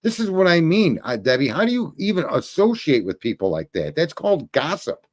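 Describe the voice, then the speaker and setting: Profane ranting man, lively pitch. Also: brisk. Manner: profane, combative, scolding chat commenters. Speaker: livestream host. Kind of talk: ranting livestream commentary.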